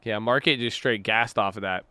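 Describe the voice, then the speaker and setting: A man giving casual live commentary on the stock market, excitable and easily startled, joking about conspiracy theories. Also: fairly low pitch, moderate pace, smooth, dry recording. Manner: excitable, jumpy, laughs when startled. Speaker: market livestreamer.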